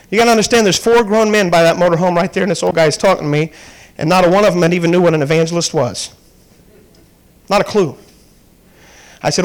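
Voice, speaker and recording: High-voiced preaching man in his thirties. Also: quick pace, rough recording. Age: 30s. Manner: storytelling, rising to fervent preaching. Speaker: traveling evangelist. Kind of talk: sermon.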